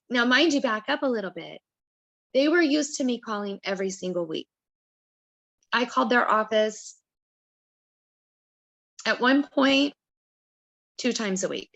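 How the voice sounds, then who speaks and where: A woman talks through her own story as a podcast guest, telling it with a lot of feeling. She acts out what she said back then as she goes. Her voice sits a little on the high side. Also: normal speed, pauses often, no room sound. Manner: emotional, animated storyteller who acts out her own past words. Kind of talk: personal storytelling interview.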